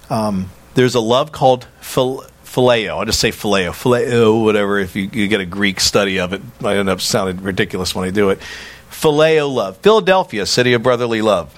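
A man preaching a sermon as a pastor, animated and emphatic, acting out quoted dialogue. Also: lowish voice, a little fast.

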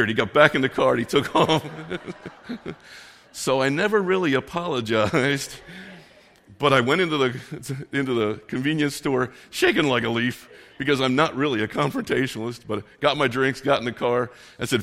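A man preaching a casual sermon, telling a personal story in a relaxed, self-deprecating way. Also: medium pitch, brisk. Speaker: pastor. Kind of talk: conversational sermon with personal anecdotes.

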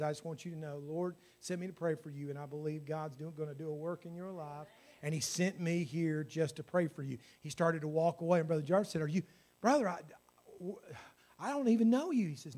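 A man's voice: on the high side, steady tone, fairly quick, a little mellow. A man, a pastor telling a story in his sermon and then praying with fervour. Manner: storytelling that builds to fervent praying.

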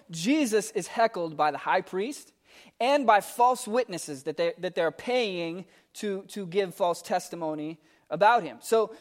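A pastor reads scripture aloud and then unpacks it conversationally and emphatically, tossing asides to his congregation. His voice sits high.

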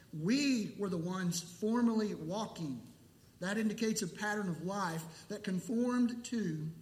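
A man preaching a sermon as pastor, emphatic and deliberate, with pauses. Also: high voice, reverberant. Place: church sanctuary.

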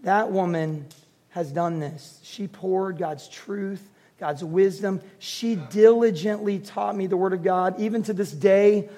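A man in his forties delivers a sermon in a notably high, light voice. He tells family anecdotes with playful humor and then turns to earnest, direct exhortation. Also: takes it slowly, warm tone. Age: 40s. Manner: humorous storytelling, earnest preaching. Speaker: pastor.

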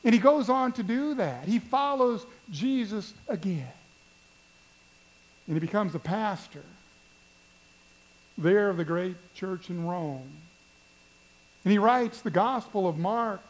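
A man's voice: high voice, expressive, slow pace, pauses often, rough recording. A man preaching a sermon, telling a story in a conversational way and asking the congregation questions. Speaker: pastor.

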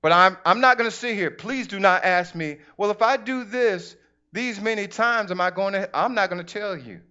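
A man preaches to his church in a relaxed, conversational way. He drifts into acted-out asides as he talks. The recording sounds dull and muffled. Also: high voice, moderate pace, clear, resonant tone. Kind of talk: sermon.

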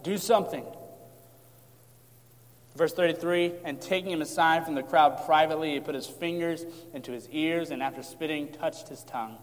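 A man preaching an expository sermon, calm as he explains and rising to impassioned emphasis. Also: fairly high pitch. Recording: long hall reverb.

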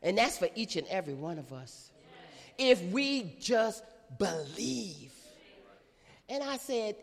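A middle-aged woman, preaching an animated call-and-response sermon in a church. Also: mid-range voice, slow pace, in a large hall.

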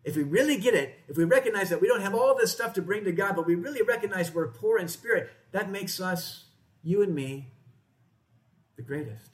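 Male pastor, slightly higher voice, conversational sermon delivery. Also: expressive, a little fast. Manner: conversational, asks the congregation questions. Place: church, in front of a congregation.

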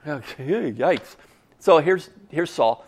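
A man's voice: a little high, animated, takes it slowly. Folksy, conversational male preacher. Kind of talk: sermon.

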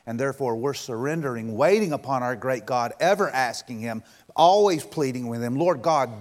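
Pastor guy preaching, kinda high voice, chatty and animated, gets loud in bits. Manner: conversational, animated, rising loud when voicing God. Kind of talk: sermon.

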